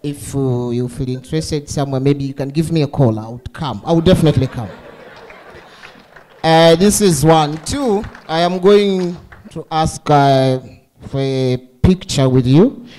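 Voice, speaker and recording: A man's voice: a little high, unhurried, dark tone, slight background noise. A man with a Tanzanian accent, playful and teasing as master of ceremonies, mixing Swahili words into his remarks. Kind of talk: joking remarks to an audience.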